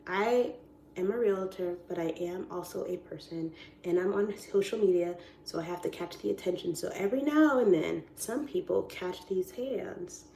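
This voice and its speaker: A woman's voice: lowish voice, moderate pace, creaky, mellow, a little hiss or hum. Goofy chatty woman in an echoey room. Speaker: realtor. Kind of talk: casual live-stream chat. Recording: roomy echoey sound.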